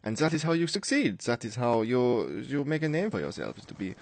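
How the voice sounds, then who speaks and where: A man's voice: mid-range voice, very animated, a little fast, creaky, darkish tone, pitched above the performer's own voice. A man doing a put-on mock German accent that sounds half Jamaican, voicing a pompous, self-important man who lectures about his own uniqueness.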